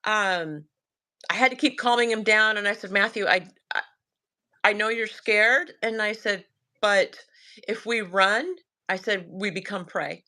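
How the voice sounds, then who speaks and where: A woman's voice: mid-range voice, unhurried. A woman with a Southern US accent, telling a story in casual chat and acting out the lines of her son and herself. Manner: animated, quotes her son and herself, laughs often. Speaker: guest telling a sighting story.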